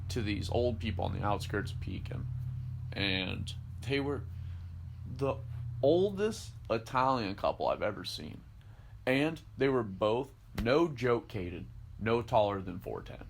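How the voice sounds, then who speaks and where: A man's voice: medium pitch, a little hiss or hum. A young man, co-hosting a podcast and telling a story in casual chat, acting out the quotes and swearing freely. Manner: animated storyteller, acts out quotes, swears, laughs often. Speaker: podcast co-host.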